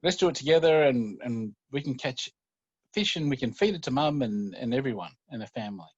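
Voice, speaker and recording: A man voicing an eager, excited young boy of about six in a told story, speaking high and pleading. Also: a little fast, slightly rough, no room sound, dull audio.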